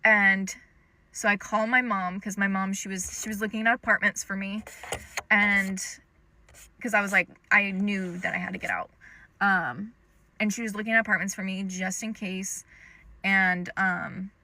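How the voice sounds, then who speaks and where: Bright-voiced young woman telling a story. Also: mid-range voice, level tone, moderate pace, slight background noise. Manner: chatty, lots of "um" and "like". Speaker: storytime creator. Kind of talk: casual storytime monologue.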